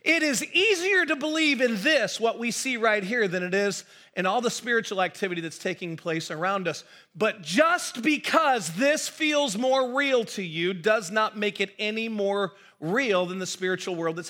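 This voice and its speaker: A man's voice: high-pitched, expressive, moderate pace, sharp tone. A middle-aged American man preaching a sermon to his congregation in a conversational way, with self-deprecating asides and repeated words as he builds a point. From United States. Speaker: pastor. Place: church hall.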